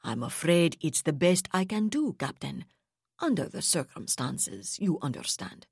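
A woman's voice: deep voice, big pitch swings, a little slow, vocal fry, darkish tone, slightly rough, no room sound, studio quality, full character voice. A woman voicing an arrogant, scheming male colonial governor who speaks coldly and condescendingly. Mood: indignant. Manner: cold, inflexible, condescending.

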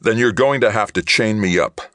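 A man's voice: very deep voice, sing-song, takes it slowly, vocal fry, sharp tone, no echo, clean studio sound, full character voice. A man voicing an older male commando who snaps back at his captors with indignant, snarling lines.

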